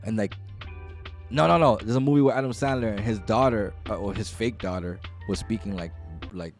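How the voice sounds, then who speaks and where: A man's voice: fairly low pitch, brisk, faint music behind. A man co-hosting a podcast, talking loosely and joking with friends, swearing often. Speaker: podcast co-host. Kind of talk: casual chat.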